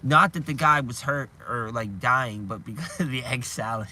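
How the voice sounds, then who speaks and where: Guy streaming, bright sharp voice, rambling loose chat, a bit of faint noise behind. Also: medium pitch, normal speed, few pauses. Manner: rambling, restarts often, chuckles while retelling scenes. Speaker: live streamer. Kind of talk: casual live-stream chat.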